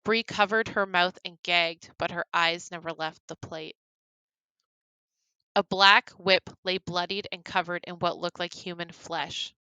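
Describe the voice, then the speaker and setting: A woman reading her own horror story aloud, turning hushed and grave in the dark passages. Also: lowish voice, steady tone, unhurried, clean tone, no echo, low-quality recording. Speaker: horror story writer and reader.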